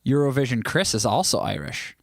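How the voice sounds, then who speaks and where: A man's voice: mid-range voice, animated, brisk, no room sound, studio quality. A man hosting a livestream, chatting loosely and reacting to viewers' comments, his throat a little scratchy. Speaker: livestream host. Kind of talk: casual chat reading live comments.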